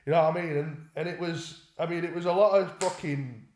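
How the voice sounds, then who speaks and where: A podcast co-host tells a rambling, sweary story in casual chat, acting out what people said in quoted voices. His voice is a little high and darkish, with fairly even intonation, brisk and hardly pausing, in a reverberant space.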